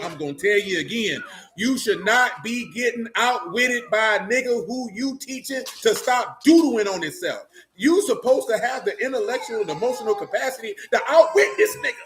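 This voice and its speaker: A middle-aged man preaching in loose talk, joking and mocking with loud bursts. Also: high voice, a little hiss or hum. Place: church meeting room.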